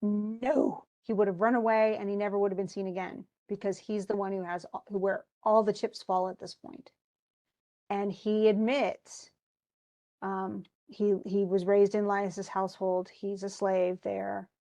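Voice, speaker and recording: A woman's voice: medium pitch, flat delivery, mellow. A woman teaching a class, retelling a tragedy in casual speech and briefly acting out the characters' lines. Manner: casual, acts out lines in quick voices.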